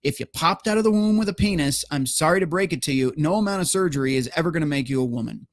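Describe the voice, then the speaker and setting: A man's voice: fairly high pitch, expressive, fast talker. A man hosting a solo livestream, ranting in a heated, profane and emphatic way and reading viewer chats. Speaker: livestream host.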